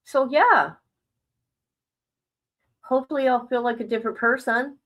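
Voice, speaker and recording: A woman's voice: fairly high pitch, a little slow, highs cut off. Candid older woman rambling on a stream. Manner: candid, rambling, swears freely; worried yet laughing it off. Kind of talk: casual livestream chat.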